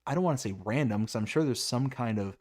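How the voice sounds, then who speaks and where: A man's voice: medium pitch, expressive, fast, darkish tone. A man hosting a livestream interview, reading viewer questions and asking long, wordy questions with enthusiasm.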